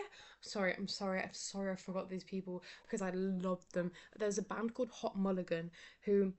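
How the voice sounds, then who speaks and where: A young woman chats casually in a sleepy, rambling way, her speech often fading to a soft whisper. Her pitch sits in an ordinary middle range. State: sleepy, yawning. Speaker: vlogger. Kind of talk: casual chat.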